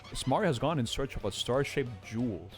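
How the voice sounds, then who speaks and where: A man's voice: mid-range voice, lively intonation, brisk, soft background music, natural voice. A man reading a fawning old witch servant. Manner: simpering and overly polite.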